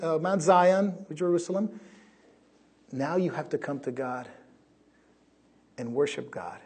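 Man, pastor, church sermon, airy raspy tone, slightly raised pitch, emphatic loud-to-soft delivery. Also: big pitch swings, measured pace, pauses often. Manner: emphatic, rising to loud peaks then dropping to a hush. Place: church sanctuary.

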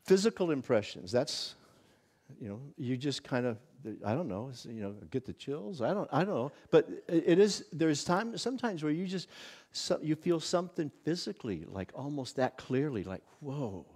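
A visiting pastor teaching a church workshop in a casual, conversational way, often acting out little exclamations of wonder. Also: male voice, a little high, sing-song, normal speed, darkish tone, breathy edge. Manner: conversational, many restarts and acted-out inner exclamations.

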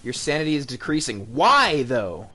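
A young man commenting on a horror game as he plays, nervous and talkative, swearing now and then and shouting when something scares him. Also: mid-range voice, big pitch swings, normal speed. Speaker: gaming video host.

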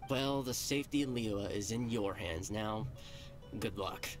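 An actor voicing a blunt, practical gang go-between in a video game. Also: male voice, fairly low pitch, a little slow, close to an everyday voice. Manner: blunt, dismissive. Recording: game audio with music.

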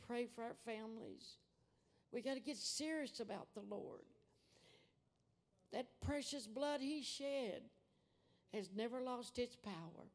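Older woman guest preacher, gravelly and fervent, a bit high-pitched. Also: darkish tone. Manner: fervent, calls listeners sweetheart and babies. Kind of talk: sermon testimony.

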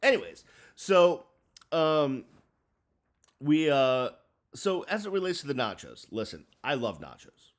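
A man in his forties from the Boston area rants to camera about whatever comes to mind. His pitch swings up and down all the time, and he rambles, restarting sentences and filling gaps with ums and uhs. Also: sing-song, measured pace, long pauses. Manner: rambling, chatty, full of fillers and restarts. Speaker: vlogger. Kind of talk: casual rant to camera.

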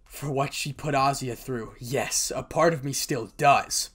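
A heavy, flat voice for a teenage boy hero who is bitter and broken, as a man reads him in a fan story. He speaks with weary self-loathing. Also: mid-range voice, unhurried, breathy edge. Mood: anxious. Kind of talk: amateur fan-story reading.

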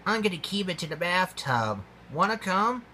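A man voicing an eager little boy in a homemade storybook reading, with a high, excitable, whiny voice. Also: normal speed, a little hiss or hum, heavily acted. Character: eager little boy who loves toy ducks.

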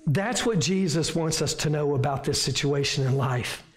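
A man with a Southern American accent preaches in a fairly high voice, stacking short emphatic lines in a folksy pulpit manner. The sound carries the echo of a church sanctuary around him. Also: normal speed, few pauses. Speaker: pastor. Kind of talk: sermon. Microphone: room microphone. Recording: echoey church room.

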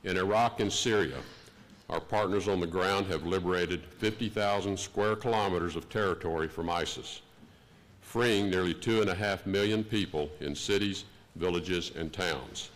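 A man in his sixties with a Texan accent giving a formal prepared speech at a conference, measured and deliberate. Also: sits low. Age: 60s. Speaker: diplomat giving an opening address. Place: conference hall.

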